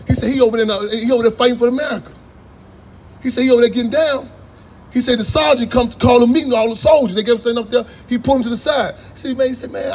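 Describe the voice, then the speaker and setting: A man delivers a fiery political talk in a very high voice. He talks fast and spins rambling, profane stories. The crowd calls back to him as he goes. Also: a little hiss or hum. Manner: profane, rambling storytelling with call-and-response. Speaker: activist speaker.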